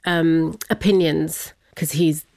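A woman's voice: sits low, steady tone, slow pace, gravelly, darkish tone, no room sound, clean studio sound. A woman telling a personal story as an interview guest, chatty and laughing often, acting out what people said.

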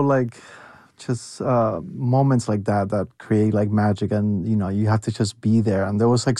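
A man's voice: medium pitch, a little mellow, no echo. A man with a mid-range voice talks enthusiastically in a casual style, scattering "like" through his speech. The sound is dry and close. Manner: enthusiastic, lots of "like" fillers. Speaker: guest music producer. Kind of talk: casual interview chat.

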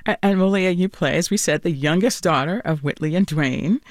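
A woman interviewing two actresses about their show, friendly and quick to laugh. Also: lowish voice, no room sound, clean studio sound.

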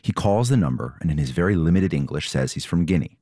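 A man reporting, reading a scripted story narration in a measured, steady way and interviewing guests. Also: extremely low pitch, no room sound, clean studio sound. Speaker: reporter and host.

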